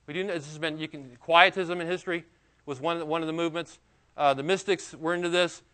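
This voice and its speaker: A man preaching a sermon, his voice sitting a little high for a man. He speaks earnestly and with emphasis, breaking off into casual asides and questions to his listeners. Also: fairly even intonation, fairly quick, pushed and bright. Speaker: pastor.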